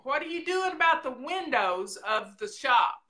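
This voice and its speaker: A woman's voice: sits high, big pitch swings, measured pace, bright, forceful tone. A woman hosting a casual livestream, chatting in a folksy, rambling way straight to her viewers. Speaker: show host.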